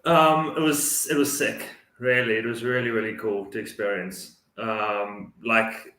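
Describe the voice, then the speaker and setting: A man's voice: on the low side, fairly even intonation, unhurried, sharp tone. A Dutch-native man co-hosting a talk show, speaking English in an enthusiastic way and often repeating words as he thinks. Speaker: co-host. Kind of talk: casual chat. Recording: echoey room sound.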